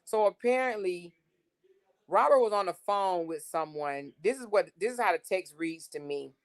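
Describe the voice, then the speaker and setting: A woman's voice: medium pitch, expressive, moderate pace. A woman hosting a casual livestream, reading text messages aloud to her viewers in an exasperated, blunt way and swearing freely. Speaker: livestream host.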